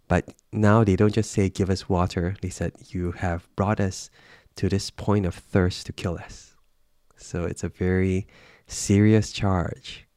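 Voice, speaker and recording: A man's voice: sits low, dark tone, clear, resonant tone, dry recording, clean studio sound. A man reading through a Bible passage and reflecting on it aloud in a casual, thoughtful way, with many fillers and restarts. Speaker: Bible reader.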